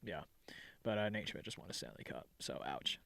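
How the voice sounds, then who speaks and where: A man's voice: fairly low pitch, expressive, moderate pace, creaky, fairly bright tone, no room sound, studio quality. A young man co-hosting a podcast, chatting loosely about hockey, cursing and laughing often. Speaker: podcast co-host. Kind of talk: casual sports chat.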